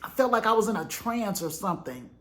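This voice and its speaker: A middle-aged woman vlogger telling a personal story in an animated, chatty, dramatic way. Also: mid-range voice, a little fast. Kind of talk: casual storytelling.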